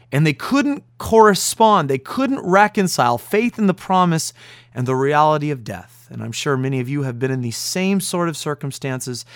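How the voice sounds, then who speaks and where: A man's voice: on the high side, a bit bright, no echo, studio quality. A man pastor preaching an earnest, emphatic radio sermon.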